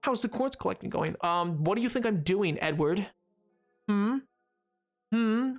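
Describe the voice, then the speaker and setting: A man's voice: high voice, animated, a little slow, creaky, soft background music. A man streaming a game, chatting and bantering playfully with his viewers. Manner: playful, teasing banter with chat. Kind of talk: casual live-stream chat.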